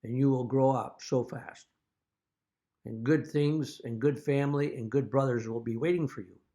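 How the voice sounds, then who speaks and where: A man speaking as a father straight to his children in a video message, earnest and deliberate, now and then telling a wry joke. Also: medium pitch, steady tone, mellow. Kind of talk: direct-to-camera video message.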